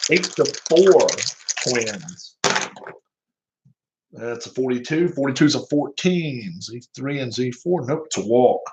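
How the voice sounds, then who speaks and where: A man with a Southern American drawl hosts a tabletop baseball replay in a relaxed, chatty way. He calls each play loosely, wanders into stories and laughs at himself often. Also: medium pitch, slow, a little hiss or hum, poor audio. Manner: chuckles often, rambling, self-deprecating. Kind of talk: casual play-by-play chat.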